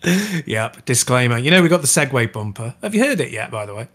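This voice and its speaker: A man co-hosting a gaming podcast in casual chat, keen and quick to laugh. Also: mid-range voice, big pitch swings, fairly bright tone. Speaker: podcast co-host.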